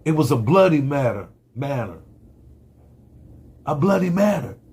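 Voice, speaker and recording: A man's voice: on the high side, big pitch swings, unhurried, darkish tone, slightly rough. A man giving a fiery, profane monologue full of rhetorical questions. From United States. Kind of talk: impassioned monologue.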